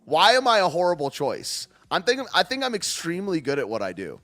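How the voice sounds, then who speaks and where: A man's voice: fairly high pitch, wildly swooping pitch, fairly quick, a bit bright, faint music behind. A man hosting a podcast, talking in a sarcastic, rambling way and laughing at himself. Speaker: podcast host. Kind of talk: casual political podcast rant.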